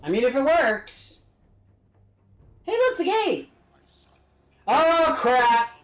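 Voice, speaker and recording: A man's voice: very high voice, sing-song, slow, a bit bright, reverberant, faint music behind. A man streaming a video game, giving jokey, wisecracking casual commentary. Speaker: gaming streamer. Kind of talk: casual let's-play commentary.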